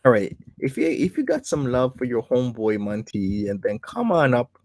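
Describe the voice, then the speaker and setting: A man's voice: mid-range voice, very animated, moderate pace, a little mellow, dry recording, studio quality. A man hosting a casual livestream, reading out messages and commenting on them with sarcasm and laughter. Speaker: livestream host.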